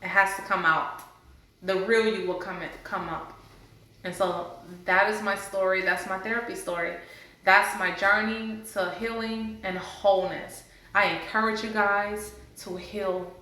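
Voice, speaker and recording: A woman's voice: mid-range voice, fairly even intonation, unhurried, sharp tone. Earnest woman in a very echoey room. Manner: earnest, heartfelt, faith-based encouragement. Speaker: vlogger sharing a personal story. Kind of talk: casual testimony to camera. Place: indoors, sitting before a camera.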